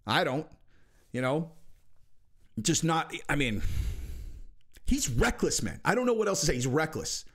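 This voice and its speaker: A man ranting on his own commentary channel, blunt and exasperated. His voice sits somewhat high for a man. He keeps hammering the same rhetorical questions and sometimes jumps up to a shout. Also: big pitch swings, a little slow, long pauses, breathy edge. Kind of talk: animated commentary rant.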